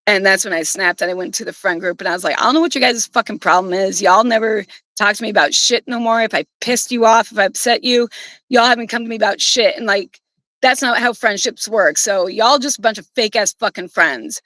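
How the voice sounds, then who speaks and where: A woman's voice: mid-range voice, brisk, bright, forceful tone, no room sound, poor audio. A woman streamer telling a personal story in a casual, rambling way, swearing bluntly.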